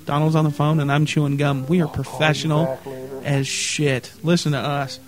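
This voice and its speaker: High-voiced swearing podcast co-host man. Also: moderate pace, music in the background. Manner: profane, animated storytelling. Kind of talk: casual chat.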